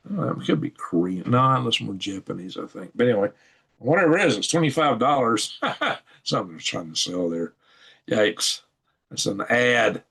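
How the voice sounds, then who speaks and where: A man's voice: medium pitch, a bit bright. A man hosts his channel, reading news articles off a shared screen and commenting in a rambling way, chuckling and thinking aloud as he goes. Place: at home at a computer.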